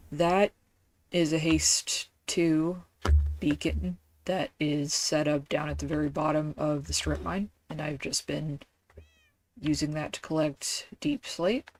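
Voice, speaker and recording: A woman's voice: sits low, steady tone, takes it slowly, long pauses. A woman streaming a game, chatting casually and rambling with lots of fillers and self-deprecating asides.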